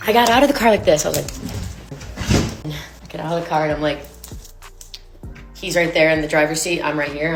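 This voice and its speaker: A woman with a low voice tells a personal story straight to her audience. She talks in a loose, chatty way, full of fillers and acted-out quotes, with faint music playing behind her. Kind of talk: storytime video.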